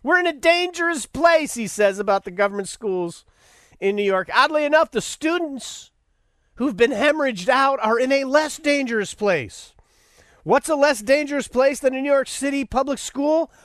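Sarcastic high-voiced male podcast host. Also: moderate pace, a bit bright, dry recording, clean studio sound. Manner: mocking, rambling asides. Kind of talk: sarcastic political commentary.

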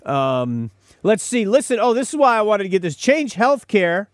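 A man's voice: high-pitched, sing-song, normal speed, dry recording, clean studio sound. A man hosting a podcast, delivering a sarcastic, opinionated commentary monologue. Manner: sarcastic, mocking, mimics callers and corporate statements. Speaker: podcast host.

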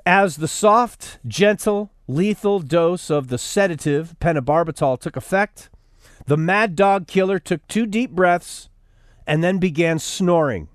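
A man's voice: sits high, unhurried, dry recording, studio quality. A man hosting an opinionated news commentary show, sarcastic and preachy, rising to fiery outbursts. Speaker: radio host.

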